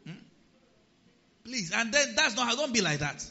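Lively preacher man. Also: very high-pitched, normal speed, in a large hall, muffled recording. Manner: lively, humorous, acts out quotes. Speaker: pastor. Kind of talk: sermon.

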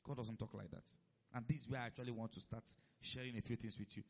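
A man's voice: mid-range voice, fairly even intonation, quick pace. A man preaching a sermon, who keeps stopping to check that his listeners are following. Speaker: pastor. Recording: dull lo-fi recording.

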